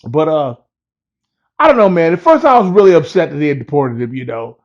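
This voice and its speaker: A man's voice: a little high, sing-song, brisk, a little mellow, lo-fi sound. A man telling a story in a loose, rambling, profane way, chuckling as he goes. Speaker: storyteller vlogger.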